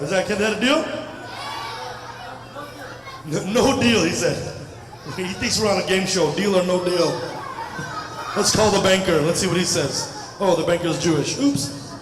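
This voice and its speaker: Loud, high-voiced comedian in an echoey hall. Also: male voice, normal speed. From India. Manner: loud, animated, playful crowd banter. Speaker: stand-up comedian. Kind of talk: stand-up comedy set. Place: large hall at a community festival. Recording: echoey hall mic from a distance, crowd noise. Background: audience murmur and laughter.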